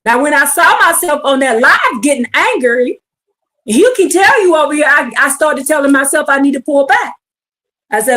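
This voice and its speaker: A woman preaching a fervent livestream sermon, swinging from hushed to shouting as she calls out to her listeners. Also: high-pitched, animated, normal speed.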